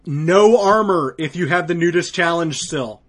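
A man hosting a gaming podcast, talking casually and haltingly with frequent fillers. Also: fairly high pitch. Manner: laid-back, halting with fillers. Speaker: podcast host. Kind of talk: casual chat.

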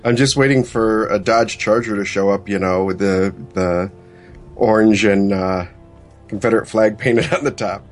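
A man's voice: on the low side, normal speed, soft background music. A man co-hosting a casual gaming podcast, laid-back and hesitant. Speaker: podcast co-host, lore segment.

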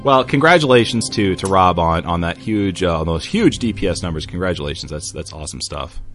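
A man hosting a casual gaming podcast, chatty and easily excited, with loose mild swearing. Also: sits low, a little fast, faint music behind. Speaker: podcast host.

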